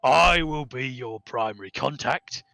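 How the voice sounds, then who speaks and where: A man's voice: mid-range voice, unhurried, vocal fry, bright, forceful tone, dry recording. A man doing Krim, a fussy goblin manager. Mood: chummy. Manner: chummy, bureaucratic, calls everyone lads. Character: stout fussy male goblin middle manager.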